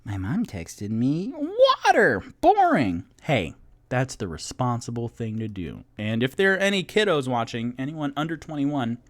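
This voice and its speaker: A man's voice: medium pitch, big pitch swings, moderate pace, no room sound. A young man from North Carolina with a light Southern accent, chatting casually and rambling as a podcast host. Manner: rambling, self-interrupting, jokey. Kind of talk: casual tipsy chat to an audience.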